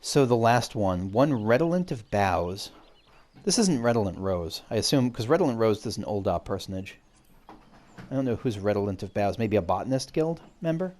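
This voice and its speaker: A man's voice: fairly low pitch, lively intonation, moderate pace, a little mellow. A man hosting a let's play, chatting casually and thinking aloud with self-deprecating asides. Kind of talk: casual game commentary.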